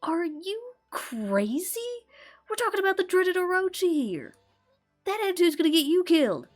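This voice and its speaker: A woman's voice: very high-pitched, big pitch swings, moderate pace, soft background music, voice pushed up. A woman voicing a tiny, cocky male sprite who scolds brashly. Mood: scolding.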